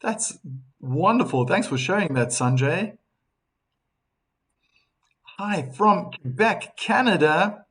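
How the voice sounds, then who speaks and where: A man hosts a live tennis stream, talking with a slightly raised pitch. He takes his time, chatting easily with viewers and reading their comments aloud. He often restarts his sentences and fills gaps with ums. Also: lively intonation, slow, long pauses, a bit bright. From South Africa.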